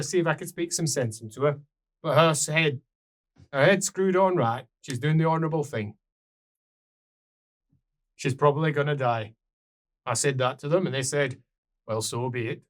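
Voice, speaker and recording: A man voicing a gruff, blunt older dwarf woman who scolds freely. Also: fairly high pitch, lightly acted.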